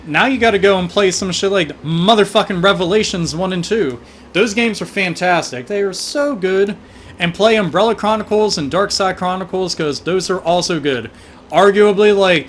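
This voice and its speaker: Guy with a high voice doing a sweary animated livestream rant, a bit of hiss behind. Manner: profane, animated ranting. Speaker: livestream gaming host. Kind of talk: casual livestream chat.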